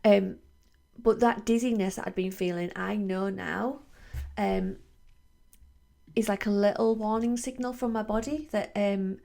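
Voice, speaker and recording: A woman in her forties talks through a wellbeing podcast in a loose, reflective monologue. Her mid-pitched voice has a gravelly fry, and she circles back with fillers and restarts. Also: darkish tone. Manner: chatty, many fillers and restarts. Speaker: podcast host, wellbeing coach.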